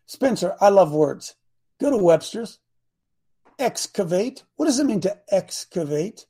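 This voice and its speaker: A man's voice: sits high, big pitch swings, unhurried, dark tone, slightly rough. Folksy, emphatic male preacher. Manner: folksy, emphatic, retells Bible stories with slang. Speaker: preacher and coach. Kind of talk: sermon.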